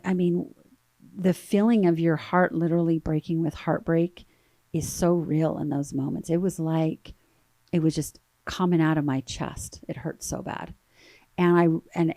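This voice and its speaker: A woman's voice: low-pitched, darkish tone, no echo. Earnest woman telling her story. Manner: earnest, halting with repeated words. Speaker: guest. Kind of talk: emotional personal storytelling.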